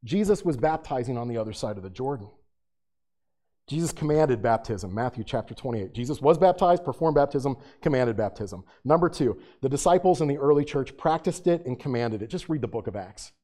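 A man's voice: medium pitch, animated, fairly quick, warm tone. A man preaching a sermon as pastor, asking his congregation rhetorical questions and rising to fervent emphasis.

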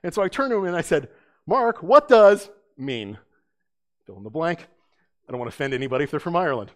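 A man's voice: expressive, very fast. A middle-aged man preaching in a slightly raised, light voice. He tells stories in an easy conversational way and keeps asking the listeners rhetorical questions. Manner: hushed and low during prayer. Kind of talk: sermon with opening prayer.

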